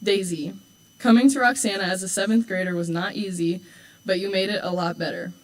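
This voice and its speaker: A woman's voice: mid-range voice, fairly even intonation, fairly quick, poor audio. Teenage girl giving a teasing school speech. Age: late teens. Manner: warm, teasing, with dry asides. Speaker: homecoming court candidate.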